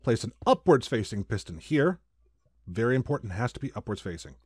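A man's voice: medium pitch, sing-song, a little fast, darkish tone, husky, no echo, clean studio sound. A man hosting a Let's Play, chatting casually through his building and making silly sound effects. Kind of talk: casual gameplay commentary.

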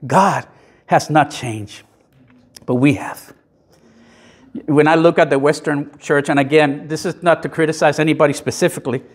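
A high-voiced man preaches in a church sanctuary, conversational and emphatic in tone. Along the way he makes self-deprecating asides and leaves pauses for the congregation's amens.

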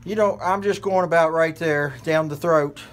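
A man's voice: fairly high pitch, moderate pace, soft background music. A man from West Virginia with a West Virginia accent, folksy and rambling with many fillers as he walks through a hands-on how-to demonstration. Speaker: hunting channel host.

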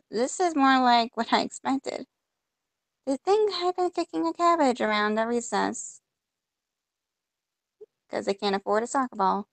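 Higher-pitched woman narrating gameplay, gravelly edge. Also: no echo. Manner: reads game text aloud, reacts with mock frustration. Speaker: gamer. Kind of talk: casual let's-play commentary.

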